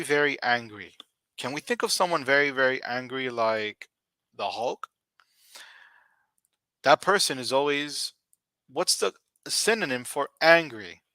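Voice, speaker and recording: On a live stream, a man teaches English vocabulary, speaking slowly and deliberately and repeating key words for his learners. His mid-range voice is bright and forceful, with no echo.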